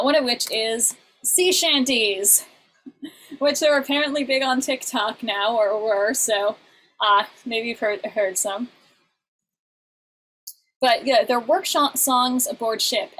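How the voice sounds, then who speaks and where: A woman's voice: on the high side, a bit bright, slight background noise, low-quality recording. A young adult woman teaching an online songwriting class in a chatty way, with many fillers and restarts.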